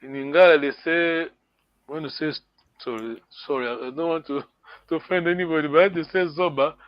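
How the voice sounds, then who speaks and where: In a muffled recording, a man with a slightly high voice talks a little fast while teaching a language online. Patient and repetitive, he repeats words and asks "yeah?" to make sure his students follow along.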